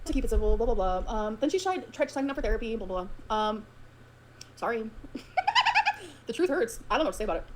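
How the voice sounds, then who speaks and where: A woman pours out a long grievance in a rapid, unfiltered rant, swearing freely. Her voice sits a touch high, and she moves between hurt and biting sarcasm. The words tumble out at a very fast clip. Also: animated, a little hiss or hum. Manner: profane, emotional, swings between grievance and sarcasm. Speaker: streamer ranting on her own stream.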